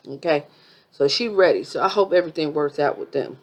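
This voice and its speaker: A woman's voice: deep voice, fairly quick. A woman vlogger giving a chatty, sassy review of a reality TV episode, full of asides.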